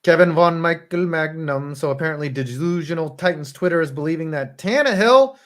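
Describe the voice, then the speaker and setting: A man's voice: on the high side, fairly quick. A man hosting a casual sports podcast, rambling with lots of fillers and restarts. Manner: rambling, hesitant, many fillers. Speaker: podcast host.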